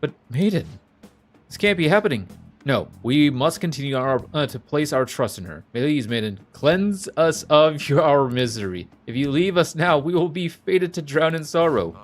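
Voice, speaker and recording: A man's voice: fairly high pitch, sing-song, normal speed, faint music behind. A man reading the lines of a distraught male cult follower from a video game, pleading and panicked. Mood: desperate.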